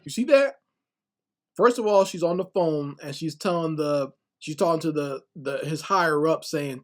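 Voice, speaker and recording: A man's voice: on the high side, expressive, a little slow. Sarcastic man firing rhetorical questions. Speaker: commentator reacting to a video. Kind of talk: casual reaction commentary.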